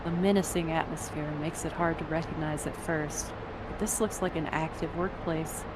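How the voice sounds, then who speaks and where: A woman narrating a story in the second person, measured and descriptive. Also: low-pitched, steady tone, very noisy.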